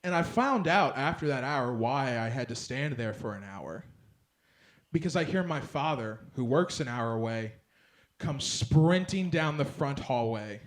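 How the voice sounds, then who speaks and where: On a comedy club stage with a laughing audience, a young stand-up comedian speaks into a handheld mic with a medium-pitched, expressive voice, a little slowly. He rambles through a story packed with fillers, swinging loud in bursts when he acts out other people's lines.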